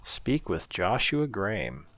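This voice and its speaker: Deep-voiced man musing through gameplay. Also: takes it slowly, slight background noise. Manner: relaxed, musing, talks to himself. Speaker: gameplay commentator. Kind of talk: casual let's-play commentary.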